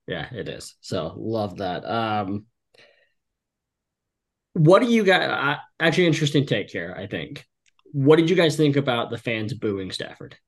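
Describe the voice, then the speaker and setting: A man co-hosting a casual sports podcast, his voice swinging widely up and down as he gets excited. He talks loosely and packs his sentences with "like" and "um". His pitch sits in an ordinary middle range. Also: measured pace. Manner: excitable, leans heavily on "like" and "um". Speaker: podcast co-host.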